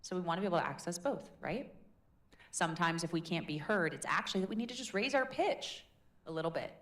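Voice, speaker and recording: A woman's voice: fairly low pitch, animated, fast. Chatty woman coaching a workshop. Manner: chatty, demonstrative, encouraging. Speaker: public speaking coach. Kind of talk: live workshop teaching. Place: meetup room in a tech hub.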